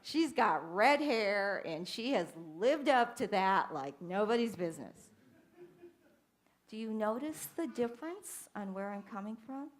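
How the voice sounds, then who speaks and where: An older woman minister giving a sermon, telling stories with animated swings from hushed to loud. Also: mid-range voice, a little slow.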